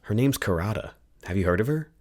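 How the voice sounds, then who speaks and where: A man voicing an excitable, curious young woman in an audiobook. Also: fairly low pitch, quick pace, voice pushed up. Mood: eager. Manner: eager, rising excitement.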